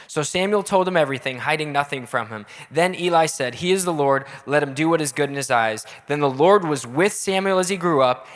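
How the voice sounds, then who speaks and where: A young adult man preaching a casual, energetic youth sermon in a church auditorium, talking directly with the crowd. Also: fairly high pitch. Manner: energetic, casual, audience-engaging. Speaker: youth pastor. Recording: echoey hall.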